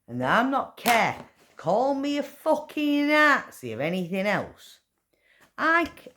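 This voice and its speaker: A woman's voice: a little high, huge pitch swings, slow pace, bright, forceful tone, echoey room. A woman from England, ranting angrily and swearing, hammering her points through repetition. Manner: furious, swearing, repeats points emphatically. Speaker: vlogger. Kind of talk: angry political rant.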